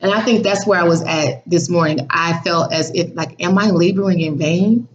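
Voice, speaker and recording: Woman, faith vlogger, animated, slangy, laughs a lot, lowish voice. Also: normal speed, a little hiss or hum. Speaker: vlog host. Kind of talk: casual devotional vlog. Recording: dull, muffled recording.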